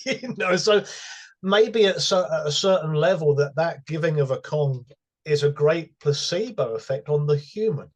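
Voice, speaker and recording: A man's voice: a little high, lively intonation, moderate pace. A man who works with dog owners, chatting casually and telling amused anecdotes with laughter. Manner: storytelling, amused, laughs at his own anecdotes. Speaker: dog behaviour professional. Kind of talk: casual conversational chat.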